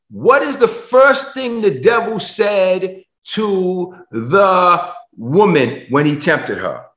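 A male pastor preaching over a video call in a slow, deliberate sermon that swings from loud, shouted questions to hushed, emotional lows. His voice is fairly high for a man and very lively in pitch. The room around him rings with echo. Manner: emotional, rising to shouts and dropping low.

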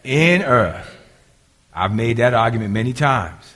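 An older man, a grandfather, preaching a sermon and swinging from hushed asides to loud, raised bursts. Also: mid-range voice, animated, a little slow, breathy edge. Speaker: pastor.

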